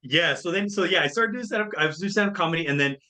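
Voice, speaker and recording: This speaker and coach, a man in his thirties, has a fairly high voice and a quick pace. Sharing his story in an interview, he animatedly performs the voices of those he quotes.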